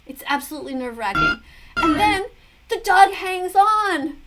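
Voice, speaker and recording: A woman's voice: extremely high pitch, huge pitch swings, moderate pace, very noisy. A middle-aged woman giving preachy, earnest commentary on a video, full of rhetorical questions. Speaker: vegan commentator reacting to a video. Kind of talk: casual commentary to camera.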